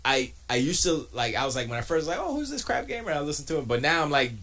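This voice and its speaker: A man's voice: medium pitch, fast, a bit bright. A man streaming from his home studio, rambling through casual commentary with frequent restarts and mocking asides. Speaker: streamer and podcast host.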